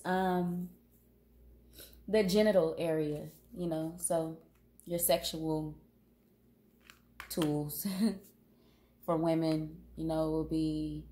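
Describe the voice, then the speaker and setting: A woman with a cold giving a casual tarot reading, talking unhurriedly with pauses and fillers. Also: sits low, dark tone. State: has a cold, sniffling. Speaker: tarot reader.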